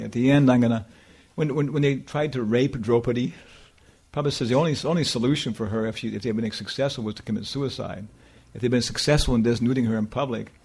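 A man teaching scripture in a loose, rambling way, peppering everything with "you know" and little chuckles. His voice is gravelly with a husky, breathy texture, at a middling pitch. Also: darkish tone. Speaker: spiritual teacher. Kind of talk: informal scripture talk with Q&A.

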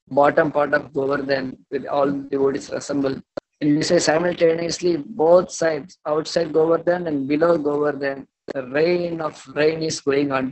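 Guy giving a devotional talk, kinda gravelly, slightly higher voice, does the characters' lines. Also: rough recording. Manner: acts out quoted dialogue, halting with fillers. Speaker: preacher. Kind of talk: devotional storytelling lecture.

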